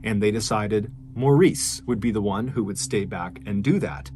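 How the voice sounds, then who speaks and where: A man's voice: on the low side, moderate pace, darkish tone, slight background noise. Man narrating a true crime story. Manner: conversational, earnest retelling. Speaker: podcast host.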